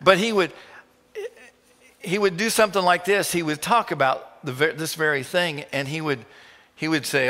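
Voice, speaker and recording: Bright-voiced pastor in a reverberant church. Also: male voice, fairly high pitch, steady tone. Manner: informal, halting with restarts. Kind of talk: sermon.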